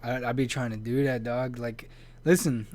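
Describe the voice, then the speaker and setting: A young man co-hosting a podcast, telling a story in relaxed slang and laughing often. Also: mid-range voice, moderate pace. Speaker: podcast co-host. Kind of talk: casual chat, storytelling.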